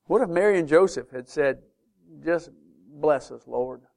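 A male preacher delivering a sermon in a church, animated, firing rhetorical questions and swinging between soft asides and loud emphasis. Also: on the high side, unhurried, gravelly.

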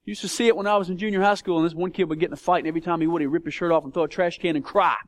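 A man's voice: fairly high pitch, fairly even intonation, very fast, no echo. A man preaching a sermon, passionate and emphatic, with big swings in intensity. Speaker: pastor.

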